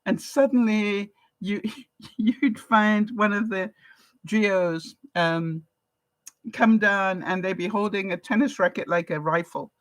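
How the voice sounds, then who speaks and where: A woman's voice: medium pitch, slow, no room sound. An older woman with an English accent, chatting on a live stream and reading viewer comments aloud, laughing often. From England. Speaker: vlogger. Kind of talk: casual live-stream chat.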